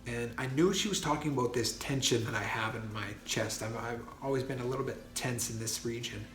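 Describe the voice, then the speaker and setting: A man's voice: mid-range voice, a little fast. A man telling a personal story in a casual monologue, earnest and full of fillers and restarts. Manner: earnest, many fillers and restarts, grows excited. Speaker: vlogger. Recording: roomy echo with faint music.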